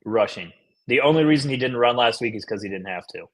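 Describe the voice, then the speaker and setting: A man's voice: mid-range voice, expressive, fast, fairly bright tone. A man co-hosting a sports betting podcast, giving blunt, matter-of-fact takes on the numbers. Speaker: podcast co-host. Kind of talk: casual sports betting chat.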